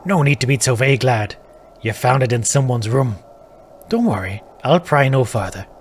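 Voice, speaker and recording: A man playing a gruff, wry druid, a plainspoken country man in a video game who speaks of old gods and omens with dry certainty. His voice sits at a middling pitch with a faint hiss of noise behind it. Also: animated, normal speed, natural voice. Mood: matter-of-fact. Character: plainspoken middle-aged male Irish druid hotel guest.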